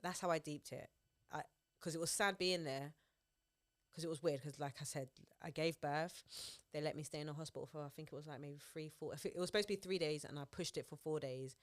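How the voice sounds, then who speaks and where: A young woman co-hosting a podcast chats casually and tells stories in an animated way, laughing often. Her voice is low-pitched and a little fast, recorded dry with clean studio sound.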